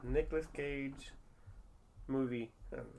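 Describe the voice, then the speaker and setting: A man from Long Beach telling stories in a loose, animated casual chat, full of fillers and restarts. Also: mid-range voice, unhurried, slight background noise. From Long Beach, California. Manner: animated storyteller, many fillers.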